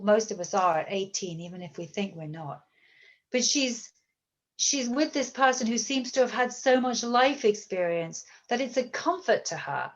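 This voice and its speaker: A woman's voice: a little high, lo-fi sound. A British woman author answering audience questions in a thoughtful, hesitant way, often repeating words. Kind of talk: bookstore author Q&A.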